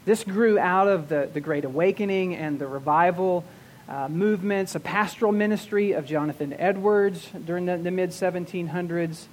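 A male pastor teaching a sermon, restarting and repeating words as he goes, slowing down to stress key terms. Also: high voice, a little hiss or hum.

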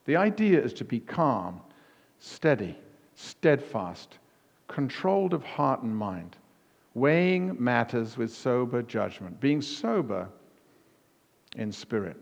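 A man preaching a sermon as pastor, emphatic, with punchy repetition that rises to near-shouts on key words. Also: mid-range voice, very animated, slow pace, creaky. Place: church hall. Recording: long reverb of a church hall.

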